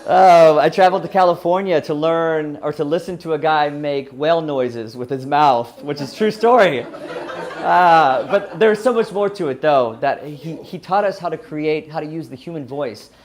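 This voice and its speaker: A man's voice: on the high side, a little slow, crowd noise. Earnest Southern man. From Louisiana. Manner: earnest, restarts often, laughs at himself. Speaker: speaker. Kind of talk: personal story talk.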